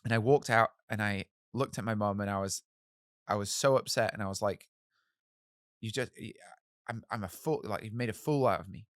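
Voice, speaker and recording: A man in his thirties, a musician guest telling animated stories in an interview and acting out the voices of people he quotes. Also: fairly low pitch, normal speed, no echo, studio quality. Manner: animated, acts out quoted voices, swears casually. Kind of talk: storytelling in a podcast interview.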